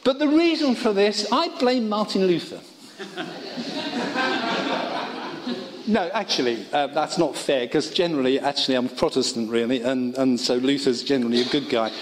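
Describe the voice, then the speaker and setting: A man's voice: medium pitch, brisk, hardly any pauses, noisy background. A man preaching a sermon in a college worship service, talking in a conversational way with humorous asides. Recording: long reverb of a hall.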